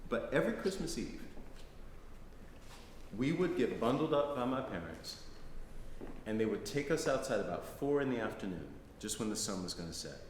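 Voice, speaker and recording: A middle-aged American man with a mid-range, very animated voice speaks at a normal speed. As a guest lecturer before a live audience, he shares personal stories in a conversational way, often tossing in "right?" to check in. The lecture hall echoes, with faint noise in the recording.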